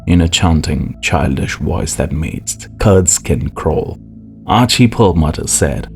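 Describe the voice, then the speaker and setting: Deep-voiced guy reading a horror audiobook, slow and lively, soft music behind. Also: vocal fry. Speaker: audiobook narrator. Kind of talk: audiobook narration. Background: faint music.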